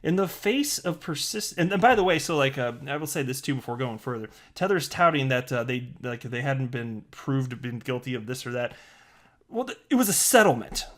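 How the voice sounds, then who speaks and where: A man's voice: mid-range voice, lively intonation, brisk, fairly bright tone. Sarcastic male crypto vlogger. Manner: sarcastic, incredulous asides with frequent restarts; chuckles often while talking. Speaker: crypto channel host. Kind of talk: reading aloud and commenting on a legal document.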